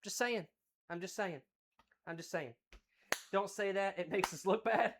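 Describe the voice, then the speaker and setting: An excited man from West Virginia with an Appalachian accent, chatting folksily on a cooking livestream. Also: sits high, moderate pace, heavy background noise. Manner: folksy and exuberant, repeats phrases.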